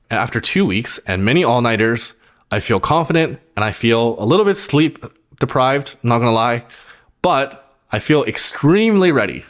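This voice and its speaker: A young male vlogger with a mid-range, fairly bright voice casually tells a personal story, animated and a little fast. He rambles, filling nearly every phrase with "like."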